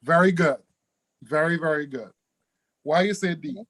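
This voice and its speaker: A man teaching an online exam review class, animated, repeating key words and laughing easily. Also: on the high side, moderate pace.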